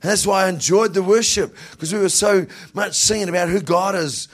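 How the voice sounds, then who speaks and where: Husky high-voiced man preaching animatedly. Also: fairly quick, hardly any pauses. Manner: animated, laughing often, repeating words, rising to shouts. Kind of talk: sermon.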